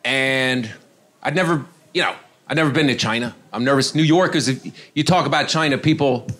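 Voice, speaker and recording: A man's voice: mid-range voice, moderate pace, a bit bright. A middle-aged male stand-up comedian telling a loose, crude, rambling story on stage and slipping into the voices of the people in it.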